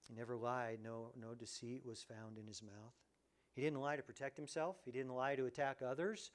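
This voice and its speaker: A man preaching a sermon as pastor, animated, swinging between loud exclamations and hushed, quiet lines, and acting out quoted voices. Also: mid-range voice, normal speed.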